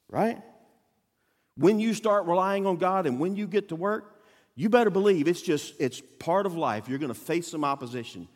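A man preaching as a guest pastor, with a fairly high voice that swings widely in pitch. He tells his story with acted-out quotes and sudden loud bursts. His voice carries long reverb from a church auditorium. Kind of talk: sermon.

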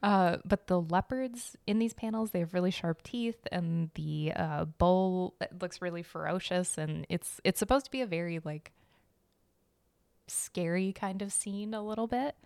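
A woman's voice: on the low side, normal speed, creaky, a little mellow, clear, resonant tone, dry recording. Giggly Midwestern woman hosting a podcast. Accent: Midwestern American. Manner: chatty, giggly, self-deprecating. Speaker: podcast host. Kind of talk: casual chat about art history.

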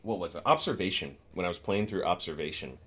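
A man co-hosting a podcast in casual chat, animated and laughing often as he tells stories. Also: low voice, quick pace, breathy edge. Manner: animated, laughs often, storytelling with bursts of excitement. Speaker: podcast co-host.

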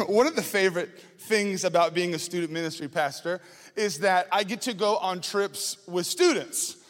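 High-voiced pastor in a reverberant hall. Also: male voice. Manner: animated, shifts between slow prayer and lively anecdotes. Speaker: student ministry pastor. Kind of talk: sermon with personal storytelling.

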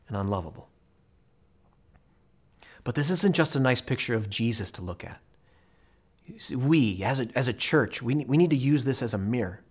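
A male pastor delivering a sermon at a middle pitch. He tells the story dramatically, dropping to near-whispers and rising to cries. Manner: dramatic storytelling, acting out voices with big swings in loudness.

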